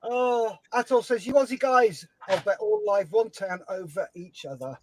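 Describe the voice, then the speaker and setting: A man hosting a live-stream charity auction, brisk and upbeat, reading out chat comments and calling the time left. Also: sits high, a little hiss or hum, low-quality recording. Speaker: host and auctioneer.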